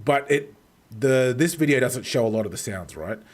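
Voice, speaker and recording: A man's voice: mid-range voice, expressive, normal speed. Swearing man telling rambling stories. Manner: rambling storyteller, heavy swearing. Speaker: streamer host. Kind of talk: casual chat.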